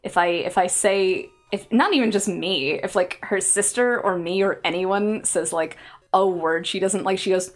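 A woman's voice: medium pitch, normal speed, soft background music. A young adult woman streaming casual chat, sarcastic and rambling, laughing between jokes. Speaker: VTuber streamer.

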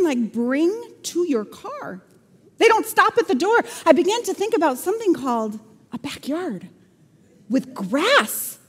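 High-voiced woman preaching in a reverberant hall. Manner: humorous storytelling, playful sarcasm. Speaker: pastor. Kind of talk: sermon. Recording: long church-hall reverb.

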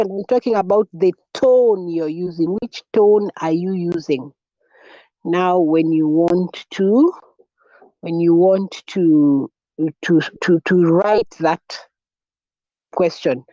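Woman teacher, unhurried, repeats and spells out terms, quizzes the class; muffled lo-fi audio. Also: medium pitch, warm tone, no echo. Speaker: French teacher. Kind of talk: classroom lesson. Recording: dull lo-fi recording.

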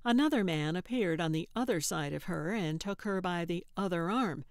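A woman narrating an audiobook in a steady, measured scripted reading. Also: fairly low pitch, smooth, no echo, studio quality.

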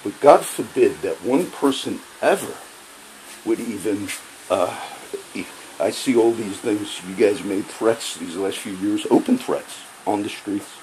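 A man with a very low voice rants in a heated, profane tirade, hammering the same points again and again. A faint air-conditioning hum sits behind him. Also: expressive, unhurried, darkish tone, rough recording. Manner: heated, profane, repeating himself. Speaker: vlogger. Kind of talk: angry personal rant to camera.

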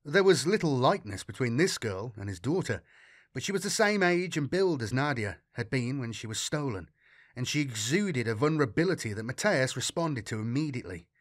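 A man narrating a grim sci-fi audiobook in an expressive storytelling reading. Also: medium pitch, brisk, no room sound, clean studio sound. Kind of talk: scripted narration.

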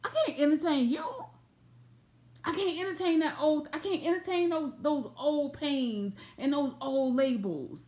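A woman's voice: high-pitched, a little slow. A woman from Atlanta with a Southern accent, preaching an informal prophetic word to camera and acting out the people in the story. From Atlanta, USA. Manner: animated, repeats phrases, acts out voices of people in the story.

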